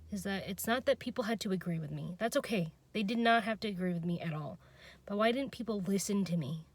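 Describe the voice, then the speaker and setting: A young woman talks through her frustration in an unscripted personal vlog. She halts, restarts and trails off, then laughs at herself. Her voice sits at a middling pitch for a woman. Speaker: vlogger.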